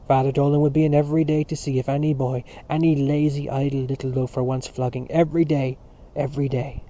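A man's voice: mid-range voice, little pitch movement, fast talker, mellow, natural voice. A man voicing a stern, bullying priest who runs a boys' classroom, barking scornful orders. The sound is dull and lo-fi.

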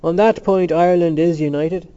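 Pompous, fussy young student, drawn-out and emphatic, read by a man. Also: on the high side, little pitch movement, mellow, lightly acted. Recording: muffled lo-fi recording.

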